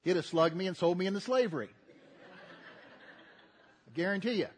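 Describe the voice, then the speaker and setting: A man's voice: high voice, normal speed. An older man preaching a sermon, folksy and earnest, building to emphatic repetition. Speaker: pastor.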